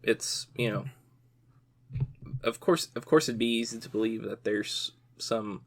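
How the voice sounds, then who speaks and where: A man's voice: fairly low pitch, a little slow, gravelly. A man hosting a casual podcast, asking loose questions and nodding along with short replies. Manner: brief affirming interjections, loose questions. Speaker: podcast host.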